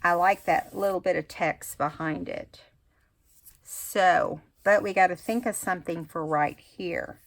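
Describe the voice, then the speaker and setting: A woman's voice: on the low side, measured pace, creaky. A woman talking casually through a craft tutorial, thinking aloud as she works. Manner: chatty, thinks aloud while working. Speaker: craft vlogger.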